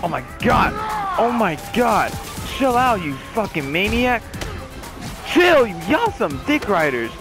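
A young man commenting on his own gameplay, excitable and shouting curses at the game. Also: high voice, slow pace. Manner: excitable, profane outbursts and yelling at the game. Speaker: gaming YouTuber. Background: game music.

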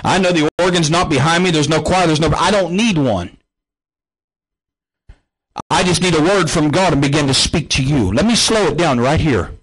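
A man's voice: fairly high pitch, animated, moderate pace, fairly bright tone, breathy edge, rough recording. A man preaching a televised healing sermon as a pastor, fervent and rising and falling in intensity. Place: studio without choir or organ. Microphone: studio camera mic.

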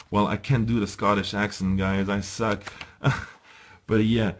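A man giving a casual, enthusiastic unboxing review, chatting to viewers and pausing with ums as he handles the items. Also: on the low side, little pitch movement. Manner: enthusiastic, chatty, often addresses viewers as guys; hesitant, with ums and restarts while handling items. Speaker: video reviewer.

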